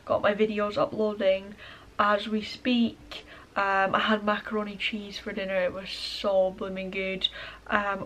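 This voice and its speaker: A young woman, chatting casually and brightly in her vlog, often laughing. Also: mid-range voice, a little hiss or hum, low-quality recording. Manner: bubbly, giggly, chatty. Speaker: vlogger.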